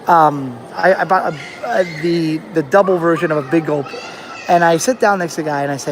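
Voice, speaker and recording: A man's voice: fairly high pitch, a little fast, noisy background. A young American man vlogging outdoors, telling a long travel story in a chatty, rambling way with many restarts. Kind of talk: casual vlog storytelling. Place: outdoors on a rainy beach. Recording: faint outdoor ambience.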